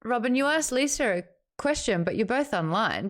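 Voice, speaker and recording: An Australian woman in her thirties hosting a live-streamed book club chat, joking and talking fast. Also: on the high side. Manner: lively, fast-running, joking. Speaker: host.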